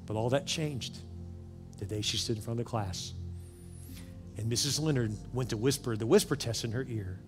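A man preaching a sermon as pastor, telling a story earnestly and often dropping into soft, hushed passages. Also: medium pitch, normal speed, pauses often. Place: church sanctuary with several campuses. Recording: long reverb of a large hall with music behind.

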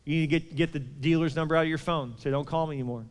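Man, pastor delivering a sermon; emphatic, dynamic, higher voice, reverberant hall. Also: steady tone, racing. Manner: emphatic, swings between loud and hushed.

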